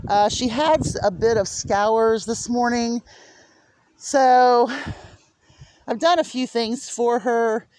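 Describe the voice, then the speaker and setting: A woman with a clear, resonant, slightly mellow voice films a casual walking vlog on her small farm. She chats easily with viewers and lifts into high sing-song baby talk when cooing at her animals.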